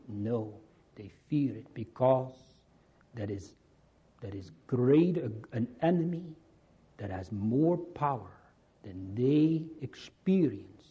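A man preaching a sermon to a congregation, earnest and slow, repeating key phrases. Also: mid-range voice, breathy edge, muffled recording.

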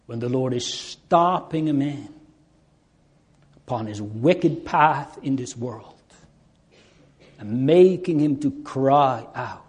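A man delivers a sermon at a very unhurried pace, his voice sitting at an ordinary pitch. He speaks earnestly and stretches out his pleading phrases, letting the words hang. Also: a little mellow. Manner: slow, earnest preaching with drawn-out pleading cries. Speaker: preacher.

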